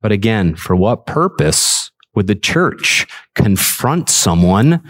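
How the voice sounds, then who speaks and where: A man's voice: lowish voice, slow pace. Earnest man preaching a sermon. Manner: earnest, repeats words, animated preaching. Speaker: pastor. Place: church service.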